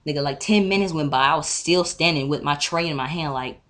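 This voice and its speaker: A teenage girl with a low voice rants into her webcam. She acts out both sides of an argument with lively, profane energy, switching voices as she quotes each side. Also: fairly quick. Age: teens. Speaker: vlogger. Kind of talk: casual storytime rant.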